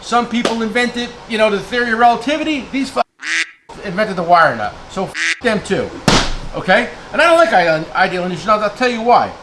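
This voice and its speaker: Speaking briskly in a high, sing-song voice with noise in the background, this New Jersey man who deals tools launches into a heated rant for his viewers. He's blunt, throws insults, and keeps tacking on "okay?"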